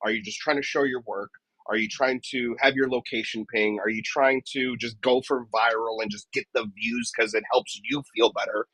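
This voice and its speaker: A man's voice: mid-range voice, steady tone, normal speed, few pauses, a bit bright, no echo, rough recording. A man who works as a dent repair technician, a guest on a casual podcast interview, explaining his advice step by step and often checking in with "right?". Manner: explanatory, tags many points with "right?".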